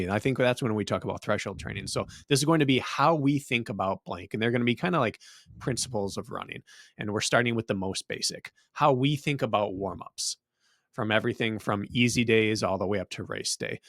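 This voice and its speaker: A man's voice: fairly low pitch, brisk, a bit bright, dry recording, studio quality. A man co-hosting a running podcast, a father, teasing his co-host and laughing often, then explaining the topic with conviction. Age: adult father. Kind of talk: casual podcast banter and topic intro.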